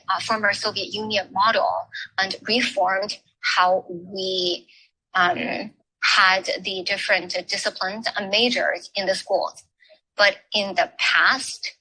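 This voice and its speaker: A woman giving an academic talk at a forum, speaking haltingly with many filler pauses. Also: mid-range voice, bright, forceful tone, poor audio. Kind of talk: academic talk on education history.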